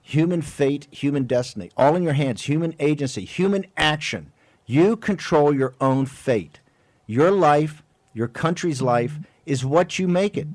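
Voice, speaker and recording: A man hosting a political talk radio show, talking in an emphatic, fiery way with rapid-fire rhetorical questions. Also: on the high side, lively intonation, darkish tone, dry recording. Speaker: host.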